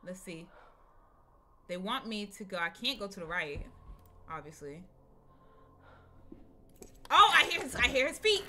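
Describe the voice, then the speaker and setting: A woman's voice: mid-range voice, very animated, measured pace, long pauses, pushed and bright, slight background noise. A young woman streaming a horror game, chatting casually with viewers, swearing, repeating herself and laughing often. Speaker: gaming streamer. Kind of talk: casual live-stream commentary. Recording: game music behind voice.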